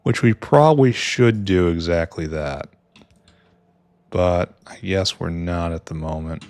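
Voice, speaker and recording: A man's voice: deep voice, a little slow, darkish tone, dry recording, clean studio sound. A man giving rambling, wry commentary while playing a video game, often talking to himself and trailing off into mutters. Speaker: gameplay streamer. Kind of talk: casual let's-play commentary.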